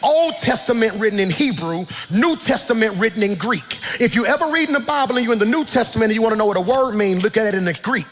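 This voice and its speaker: A fervent pastor with a high voice for a man, preaching at full force and shouting his points in rising calls. His voice rings with a long hall reverb, and soft music plays under him. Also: lively intonation, fast, few pauses. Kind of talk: sermon.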